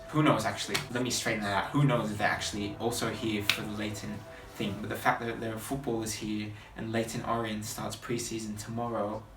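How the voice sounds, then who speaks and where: Young man, 20s, from Australia, vlogging his plans from afar, clear music behind. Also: on the low side. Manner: thinking aloud, chatty and hopeful. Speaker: footballer vlogger. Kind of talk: casual vlog talk to camera. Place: hotel room at night, indoors. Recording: roomy, distant camera audio with music.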